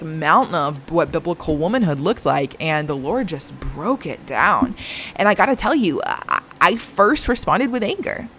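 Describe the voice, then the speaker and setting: A woman's voice: low-pitched, fairly bright tone. A young woman talking candidly to her viewers as a Christian mom vlogger, earnest and confiding, with lots of filler words. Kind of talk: candid personal talk to camera.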